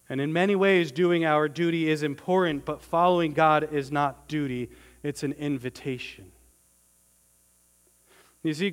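A man preaching a sermon as pastor, earnest and emphatic, slowing down on key words and often restarting his phrases. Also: fairly high pitch, smooth, big-room sound.

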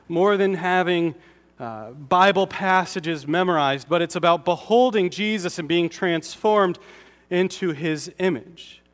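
A pastor from Connecticut giving a conversational sermon, with self-deprecating humor. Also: male voice, high-pitched, big-room sound.

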